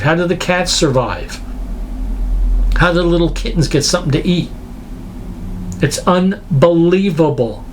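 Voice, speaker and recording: A man's voice: a little high, a little hiss or hum. A man preaching a lecture-style sermon, emphatic and full of rhetorical questions.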